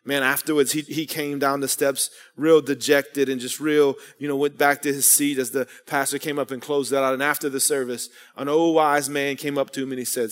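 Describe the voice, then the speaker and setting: A man's voice: medium pitch, flat delivery, brisk, hardly any pauses. A man preaching an earnest sermon as pastor, telling stories and calling out to the congregation. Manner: earnest preaching with storytelling and call-outs. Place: church sanctuary. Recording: long reverb of a church hall.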